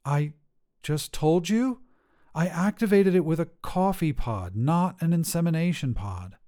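A man voicing an exasperated nineteen-year-old woman on a phone call, quick to anger and pleading. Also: on the high side, expressive, warm tone. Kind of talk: audio drama reading.

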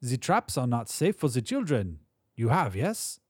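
A man voicing a high-pitched, overly polite foreign exterminator who speaks broken English. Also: wildly swooping pitch, normal speed, dark tone, slightly rough, no echo, clean studio sound, full character voice. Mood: fussy polite. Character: fussy high-voiced male foreign exterminator.

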